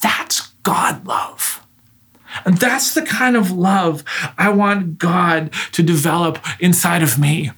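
A man's voice: sits high, a little slow, fairly bright tone, breathy edge. A man preaching a sermon, earnest and direct, asking his listeners rhetorical questions.

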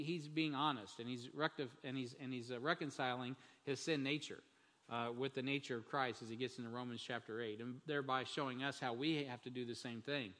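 The pastor's mid-range, slightly bright voice fills a church sanctuary with long reverb during a Sunday morning sermon. He keeps it conversational, restarting often and using plenty of fillers.

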